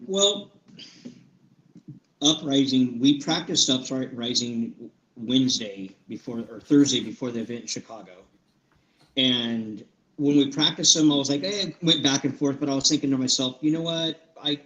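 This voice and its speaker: A man's voice: medium pitch, moderate pace, sharp tone, echoey room, muffled recording. A man coaching paintball, thoughtfully recounting practices and matches on a podcast, with many ums. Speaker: paintball coach and show panelist. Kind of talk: casual podcast analysis.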